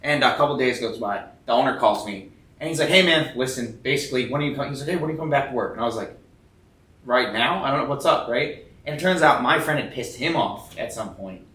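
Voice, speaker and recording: Young guy rambling on, bright voice, kinda far from the mic in a roomy space. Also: mid-range voice, animated, fast. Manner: rambling, swears a lot, acts out quotes. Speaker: tattoo artist guest. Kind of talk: casual storytelling chat. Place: tattoo convention. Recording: roomy sound, a bit off-mic.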